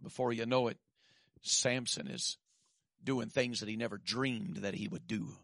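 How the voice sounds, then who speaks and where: A man preaching a sermon, swinging from shouted peaks to quiet asides and dropping in "amen.". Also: on the low side, a little slow, creaky, no echo, clean studio sound.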